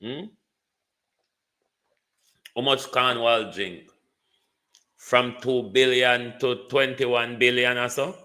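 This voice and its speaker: A man's voice: medium pitch, steady tone, slow pace, pauses often, bright, forceful tone. A man with a Jamaican accent giving live political commentary, taunting and rhetorical, often asking "hmm?".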